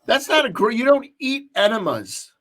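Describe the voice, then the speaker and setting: A man's voice: extremely high pitch, very animated, moderate pace, fairly bright tone. A man co-hosting a podcast, telling a long story in casual chat with lots of restarts and fillers. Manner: rambling, many restarts and fillers. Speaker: podcast co-host.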